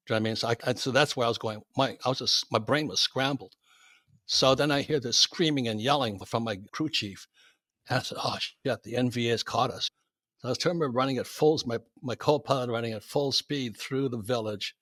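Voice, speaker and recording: A man's voice: medium pitch, a little fast, no room sound, clean studio sound. An older man, a guest, telling a story with lots of animation and laughing at himself. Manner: lively anecdote teller, laughs at his own stories.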